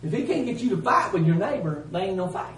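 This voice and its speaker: A man preaching a sermon in a folksy, emphatic way, swinging from loud to hushed. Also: high voice, big pitch swings, fast talker, a little hiss or hum. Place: church. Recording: roomy church sound from a distance.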